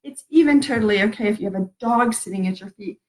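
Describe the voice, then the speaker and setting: A woman's voice: mid-range voice, fast, rough recording. A middle-aged woman hosting a casual spiritual live stream, rambling and laughing at herself as she talks about love and connection.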